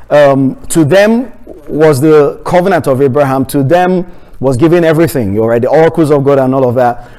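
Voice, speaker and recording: Male pastor, fairly high voice; emphatic, repetitive sermon delivery with restarts. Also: darkish tone.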